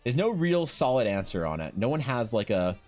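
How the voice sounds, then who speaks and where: Dude rambling a story on stream while drawing, cusses a lot, laughs, keeps restarting, faint music behind. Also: male voice, mid-range voice, a little fast. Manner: animated, profane, laughs often, lots of restarts. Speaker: streamer and artist.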